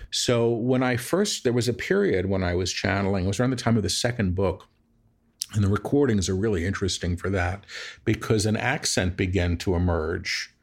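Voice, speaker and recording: Male guest, deep and gravelly, thinks aloud in a loose conversational way. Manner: reflective, rambling, with restarts. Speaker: guest, spiritual medium. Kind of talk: casual conversation. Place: apartment.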